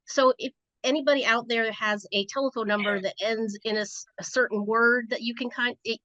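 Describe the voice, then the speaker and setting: A woman's voice: on the high side, steady tone, brisk, bright, forceful tone, dry recording. A woman from Rhode Island, a podcast guest, telling stories in a chatty, casual way. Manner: chatty, storytelling. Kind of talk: casual interview chat. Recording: dry, dull lo-fi sound.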